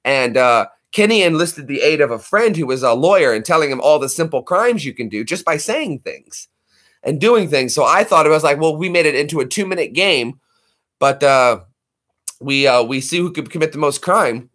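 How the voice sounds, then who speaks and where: A man with a fairly high voice chats casually to his audience. He rambles through stories and gets excited, adding sound effects as he goes. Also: normal speed. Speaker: channel host. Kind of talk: casual chat.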